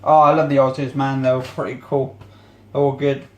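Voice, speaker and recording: A man's voice: mid-range voice, flat delivery, normal speed, a little mellow, dull audio. A man chatting away casually as he cleans, rambling and groping for words. He is recorded on a camera left in an echoey home kitchen, with a faint hiss behind him. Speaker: vlogger.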